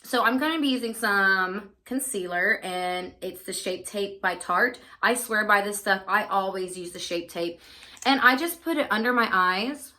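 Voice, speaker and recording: Bright-voiced chatty woman vlogger. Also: medium pitch, normal speed. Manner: chatty, candid, many fillers. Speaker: beauty vlogger. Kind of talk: casual get-ready-with-me chat.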